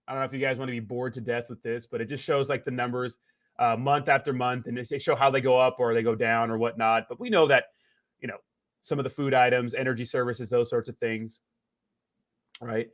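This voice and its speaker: A man's voice: mid-range voice, fairly even intonation, a little fast, fairly bright tone, no room sound. A man hosting a casual crypto livestream, rambling and joking as he reads viewer comments aloud.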